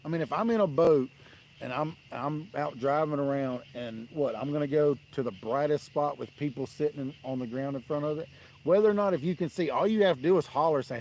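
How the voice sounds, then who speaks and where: A man's voice: a little high, a little fast, darkish tone, a little hiss or hum. Blunt man ranting outdoors. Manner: blunt, rambling, dismissive. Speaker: fishing livestream host. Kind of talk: casual live-stream rant.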